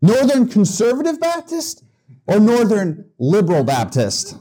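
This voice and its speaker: A petty, zealous Baptist man tells his story in a raised, emphatic voice, as a preacher puts him on. The delivery climbs high and lands hard on each line. Underneath, the tone stays mellow rather than sharp. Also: wildly swooping pitch, unhurried, breathy edge, heavily acted. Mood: lively. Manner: rising, emphatic joke-telling delivery.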